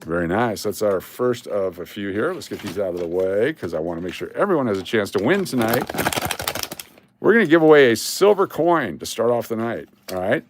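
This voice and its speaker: A man's voice: lowish voice, big pitch swings, a little fast, noisy background. A man hosting a casual live stream, rambling along and breaking into sudden exasperated rants.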